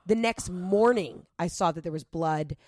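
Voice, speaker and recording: A woman's voice: lowish voice, measured pace, no echo, studio quality. A young woman chatting as a guest, telling stories animatedly and acting out what people said. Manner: animated storyteller, acts out quotes. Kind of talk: casual chat.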